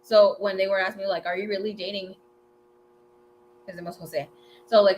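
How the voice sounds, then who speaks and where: A woman in her twenties hosting a tarot livestream, telling a story in a chatty, animated way, swearing freely and mixing in Spanish words. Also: mid-range voice, a little fast, a little hiss or hum. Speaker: tarot reader and livestream host. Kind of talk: casual storytelling chat.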